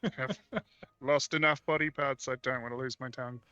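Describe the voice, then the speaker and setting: A man's voice: medium pitch, fairly even intonation, moderate pace, pushed and bright, smooth, no room sound. Wry male tabletop player. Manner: wry, laughs at his own jokes. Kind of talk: casual tabletop play. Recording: dull lo-fi stream audio.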